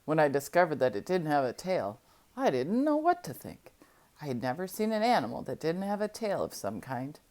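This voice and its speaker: A woman with a low voice reads a novel aloud in the first person. Her telling is steady and even-paced, carrying the story along line by line. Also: normal speed. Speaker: audiobook reader.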